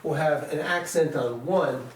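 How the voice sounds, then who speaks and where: A man's voice: a little high, unhurried. A man teaching a music lesson, patiently counting beats aloud and sounding out rhythms for his students. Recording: echoey room, voice from a distance, faint noise.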